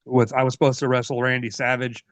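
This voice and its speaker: A man in his forties, a wrestler being interviewed, telling stories in a casual, profane, animated way. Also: mid-range voice, fast talker, no echo. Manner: profane, animated, laughs often. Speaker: wrestler guest. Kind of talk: casual storytelling. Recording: dull lo-fi dry sound.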